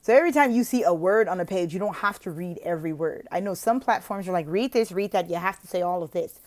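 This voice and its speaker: An American woman with a lowish voice makes an instructional vlog about teaching English lessons online. She moves between casual advice and role-played examples in slow, exaggerated teacher talk.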